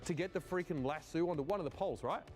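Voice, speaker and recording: A man's voice: a little high, quick pace, faint music behind. Jokey man hosting a lasso game. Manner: laughing, jokey. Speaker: segment host. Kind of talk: light-hearted event segment.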